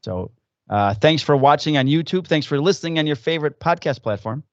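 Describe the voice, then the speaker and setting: A man's voice: fairly high pitch, animated, a little fast, dry recording, muffled recording. A man co-hosting a podcast, chatting loosely and swearing through easygoing banter. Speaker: podcast co-host. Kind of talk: casual chat. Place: at home, recording remotely.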